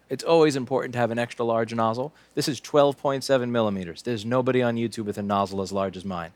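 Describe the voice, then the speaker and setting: A man's voice: mid-range voice, fairly even intonation, quick pace, hardly any pauses, no room sound. A man in his late twenties, hosting a casual livestream while doing repair work, chatting in a sarcastic, joking, rambling way. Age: late 20s. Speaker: repair technician and stream host.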